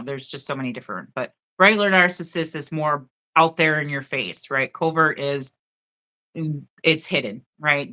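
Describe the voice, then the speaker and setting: A woman's voice: deep voice, pushed and bright. A woman hosting a live stream, reading notes aloud in a chatty way and often checking in with "okay?". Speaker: host of a live spiritual stream.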